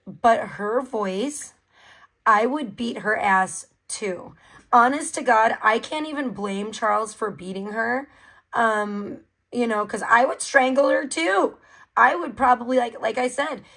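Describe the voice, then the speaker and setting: Gravelly-voiced woman ranting on a livestream. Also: on the high side, a bit bright, poor audio. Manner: blunt, profane, mocking. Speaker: livestream commentary host. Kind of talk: casual ranting commentary.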